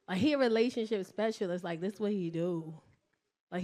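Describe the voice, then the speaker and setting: A woman in her forties with a New York accent, doing a stand-up routine, animated and profane, often jumping into shouts. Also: medium pitch, a little fast. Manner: loud, animated, swings to shouting; profane, slangy. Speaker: stand-up comedian.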